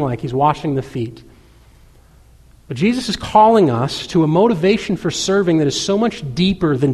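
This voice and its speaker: A man in his thirties gives a sermon in a loose, conversational style, full of casual asides. His voice sits a bit high for a man, and a long reverb trails behind him as if he is in a large hall. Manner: conversational preaching with many filler 'like's. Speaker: pastor.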